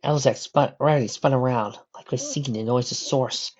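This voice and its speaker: Low-voiced woman reading a storybook. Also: a little fast, lo-fi sound. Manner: steady descriptive narration with occasional slips. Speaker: narrator. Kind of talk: fan fiction audiobook reading.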